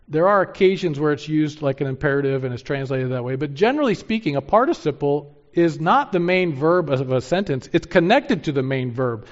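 A man's voice: fairly high pitch, expressive, brisk, few pauses, muffled recording. A male pastor preaching a sermon in an emphatic way, repeating key phrases for stress.

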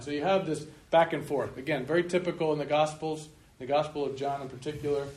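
A male pastor giving a sermon emphatically, slowing down to stress key points and chuckling at his own remarks. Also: fairly high pitch, fairly even intonation, a little mellow. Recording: roomy room echo, faint noise.

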